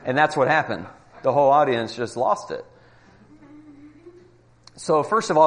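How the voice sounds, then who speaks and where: A man's voice: medium pitch, expressive, moderate pace, pauses often, a bit bright. A man giving a Christian apologetics talk to a live group, arguing emphatically with rhetorical questions.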